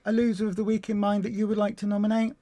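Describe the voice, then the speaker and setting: Woman hosting a live stream, gushy and emotional, mid pitch, dry close sound. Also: flat delivery, very fast, dark tone, no room sound. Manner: emotional, effusive, repeats herself. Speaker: host of a weight loss support group live stream. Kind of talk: casual live stream chat.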